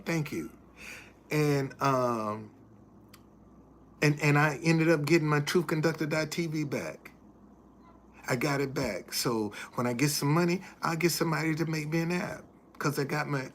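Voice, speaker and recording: A man's voice: on the high side, fairly bright tone, slight background noise. A man hosting a casual live stream, talking earnestly, repeating himself and thanking viewers as he goes. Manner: shows items to the camera while talking.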